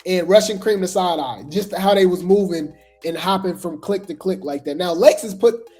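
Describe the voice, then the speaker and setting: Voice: medium pitch, moderate pace, mellow, faint music behind. A host giving casual gossip commentary, chatty and trailing off with repeated asides.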